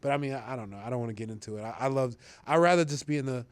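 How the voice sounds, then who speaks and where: A man's voice: mid-range voice, racing, no echo. A young man, a football player, talking casually in an interview, rambling with fillers and restarts and laughing easily.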